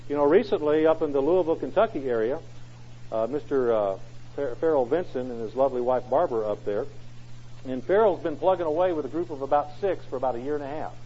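A man's voice: mid-range voice, fast talker, mellow, a little hiss or hum. A man preaching a sermon in an emphatic way, often asking rhetorical questions. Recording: dull lo-fi recording.

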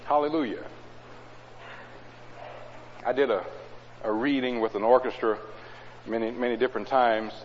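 A preacher giving a sermon in a church. He reads scripture loudly and drops to low, conversational asides. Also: steady tone, moderate pace, long pauses, slight background noise. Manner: swings between loud scripture reading and low conversational asides. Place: church hall. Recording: dull, echoey hall recording.

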